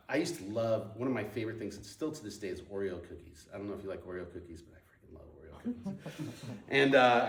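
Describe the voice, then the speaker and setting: A man's voice: medium pitch, echoey room, far from the mic, a little hiss or hum. A man sharing his personal testimony, storytelling with lots of ums and restarts. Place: moved to Portland in the nineties.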